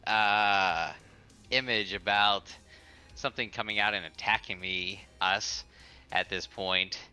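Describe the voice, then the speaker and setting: A man's voice: lowish voice, bright, forceful tone, clear, resonant tone. A man playing a tabletop game who explains his moves hesitantly, with many filler words. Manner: slow, hesitant, filler-heavy. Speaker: player.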